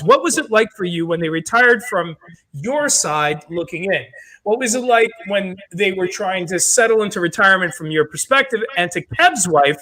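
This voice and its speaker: A man co-hosting a podcast, cursing loudly and joking, then reading out a listener question. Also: high voice, rough recording. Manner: loud, profane, joking. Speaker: podcast co-host.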